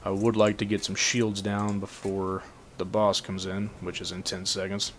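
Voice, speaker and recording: Low-voiced man doing relaxed gameplay commentary, faint room hum behind. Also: normal speed.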